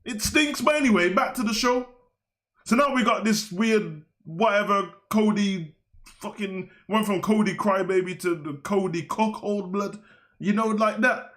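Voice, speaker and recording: A man's voice: sits high, a little slow, fairly bright tone. A young man, hosting a wrestling talk show in a slangy, heated, rambling rant. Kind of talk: ranting casual commentary.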